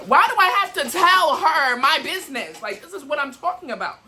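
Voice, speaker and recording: A woman's voice: sits high, sing-song, fairly quick, bright, forceful tone, slight background noise, rough recording. A young adult woman venting to camera in an emotional, heated, rambling way, full of "like" and "you know what I'm saying". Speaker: vlogger.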